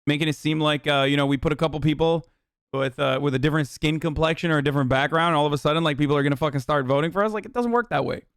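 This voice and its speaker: A man's voice: fairly high pitch, little pitch movement, racing, a bit bright, clean tone, no echo, clean studio sound. A young man streaming, giving profane and sarcastic commentary on a radio clip he is reacting to. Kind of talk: casual livestream commentary.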